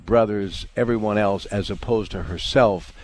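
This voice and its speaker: A man's voice: on the low side, moderate pace, slight background noise. A male radio host responding to a guest's story, earnest and stumbling over repeated words.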